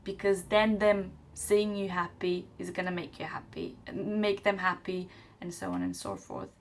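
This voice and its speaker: A woman's voice: lowish voice, lively intonation, normal speed, slight background noise. A young woman talking earnestly to camera at home in a personal advice vlog, encouraging and candid, with frequent restarts as she gathers her thoughts. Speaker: vlogger.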